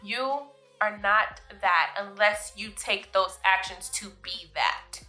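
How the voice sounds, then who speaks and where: A woman's voice: medium pitch, slow, sharp tone, soft background music. A woman hosting her vlog, giving casual, emphatic life advice, often laughing and calling listeners "boo". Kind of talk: casual motivational talk to camera.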